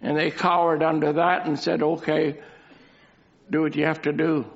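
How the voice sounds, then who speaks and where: Gravelly male preacher, repeats himself for emphasis, dull lo-fi old recording. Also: fairly high pitch, flat delivery, normal speed. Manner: rhetorical questions, emphatic repetition. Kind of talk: sermon.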